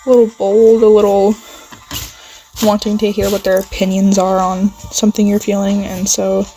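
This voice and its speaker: A woman slowly talks a listener through an improvised second-person role-play story, drifting off into "um"s and little apologies as she goes. She sits at a middle pitch with no marked rise or fall, and a song plays faintly in the background. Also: gravelly, warm tone, low-quality recording. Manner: rambling, heavy on fillers, apologizes and restarts. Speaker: channel host. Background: faint music playing.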